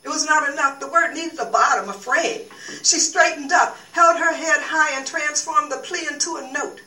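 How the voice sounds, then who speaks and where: A woman who teaches at a university, giving a lecture and reading from a novel, with halting speech full of fillers and restarts. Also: high voice, pushed and bright. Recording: echoey room, far from the mic.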